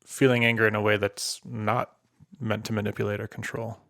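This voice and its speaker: Low, flat-voiced male interviewer. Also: brisk, dry recording, studio quality. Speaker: podcast interviewer. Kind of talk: interview questions.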